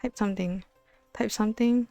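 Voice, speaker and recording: A woman's voice: mid-range voice, fairly even intonation, moderate pace, mellow, soft background music, natural voice. A woman voicing a cheerful talking relic in a game that says beep boop. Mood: chirpy. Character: cheerful beeping talking relic, helpful and proud.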